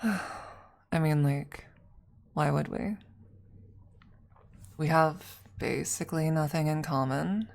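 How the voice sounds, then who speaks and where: A woman's voice: low-pitched, gravelly, darkish tone, exaggerated voice. A woman playing a shy flirty classmate, whispered role-play. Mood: hesitant flirty. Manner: hesitant, full of likes and trailing pauses.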